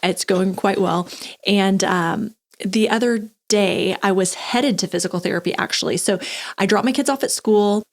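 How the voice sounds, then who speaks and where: A woman co-hosting a podcast, telling an animated story with frequent laughter. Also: medium pitch, moderate pace. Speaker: podcast co-host. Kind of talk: casual storytelling chat.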